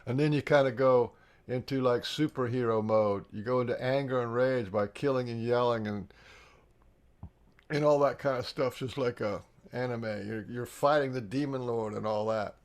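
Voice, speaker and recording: Gravelly-voiced man guiding a healing workshop. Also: mid-range voice. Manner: halting, frequent restarts and repeated words; earnest, explaining step by step. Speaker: workshop facilitator. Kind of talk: live online healing workshop instruction.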